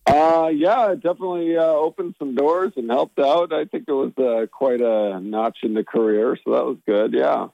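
A man in his thirties from Omaha chats over a phone line with a radio morning show. He speaks in a plain, dry, halting way, restarting often and making light of himself. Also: mid-range voice, vocal fry, mellow, dry recording. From Omaha, Nebraska. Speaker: comedian guest on phone. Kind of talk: casual phone interview. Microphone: phone call.

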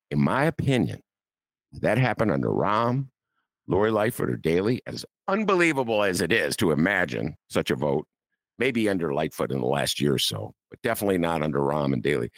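A man's voice: on the low side, fairly bright tone, no room sound. A man hosting a talk show, riffing with mock outrage and laughter. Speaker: podcast host. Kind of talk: casual political commentary.

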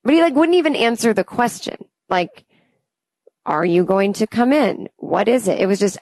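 A woman's voice: mid-range voice, expressive, normal speed, no echo. A woman in her late thirties, a comedian telling a funny story and acting out both sides of the conversation in a chatty way. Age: 30s. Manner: acts out both sides of the dialogue with chatty asides.

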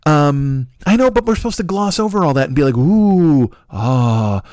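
Middle-aged guy ranting fast on his podcast, swears a lot, voice jumps all over, dry close mic. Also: high voice, no echo. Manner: profane, rambling, animated, acts out quoted voices. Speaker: podcast host. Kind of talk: comedic rant.

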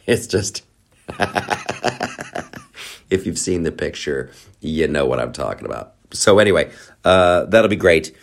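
A man's voice: very deep voice, expressive, a little slow, vocal fry, long pauses. A man hosting a comedy podcast, talking in a rambling, profane, sarcastic monologue with lots of fillers. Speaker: podcast host.

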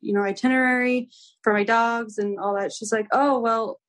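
A woman's voice: fairly high pitch, moderate pace. A young adult woman, a podcast guest, casually telling a story and acting out the dialogue, with lots of "like". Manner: animated, acts out dialogue with filler "like".

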